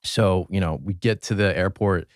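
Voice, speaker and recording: Low-voiced young man telling stories. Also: normal speed, no echo, studio quality. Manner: relaxed, anecdotal, many fillers and self-corrections. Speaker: podcast guest. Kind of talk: casual storytelling chat.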